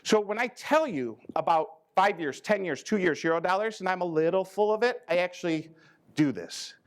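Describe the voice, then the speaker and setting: A high-pitched Midwestern man, an agricultural risk management advisor, gives a brisk, animated talk to farmers before a live audience in a conference learning center room. Folksy and teasing, he jokes throughout and acts out quoted farmers with big jumps in pitch.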